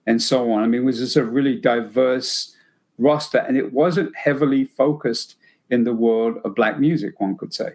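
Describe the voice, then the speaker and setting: A man's voice: mid-range voice, normal speed, darkish tone. Rambling older British-born man. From Britain. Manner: rambling, many fillers and restarts. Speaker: podcast host. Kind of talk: casual anecdotal chat.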